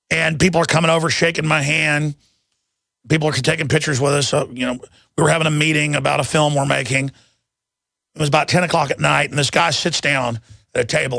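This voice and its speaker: A man's voice: fairly high pitch, steady tone, brisk, creaky, sharp tone, no room sound, studio quality. A middle-aged man hosting a talk radio show, ranting in an angry, combative and scornful monologue.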